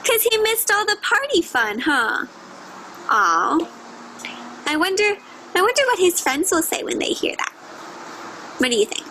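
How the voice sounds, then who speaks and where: A teacher reading a picture book aloud to children, expressive and asking them questions. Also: female voice, very high voice, unhurried, pauses often, slight background noise, rough recording. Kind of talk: read-aloud storytelling for children.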